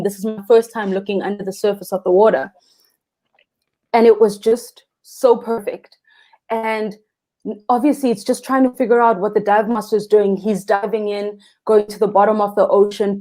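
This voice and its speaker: A woman's voice: mid-range voice, warm tone. A South African woman, a guest freediving instructor, telling a story animatedly, acting out quotes and laughing often. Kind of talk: casual interview storytelling.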